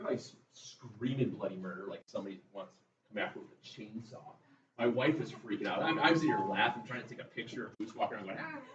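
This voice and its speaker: Telling stories to his students, a math teacher delivers a relaxed, conversational classroom lecture. His mid-range voice comes from far off in a roomy room, sounding dull, with a distant mic and slight background noise.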